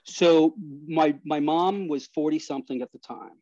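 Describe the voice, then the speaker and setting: Animated New man telling stories. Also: a little high, normal speed. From New York. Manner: animated, restarts, laughs mid-story. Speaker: podcast guest. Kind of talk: casual storytelling. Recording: slightly dull dry recording.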